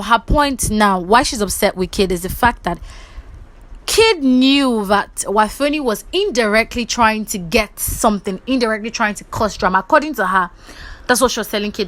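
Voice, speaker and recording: A woman casually retelling reality show drama, acting out each person's lines. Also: mid-range voice. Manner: animated, acts out quotes. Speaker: gossip vlogger.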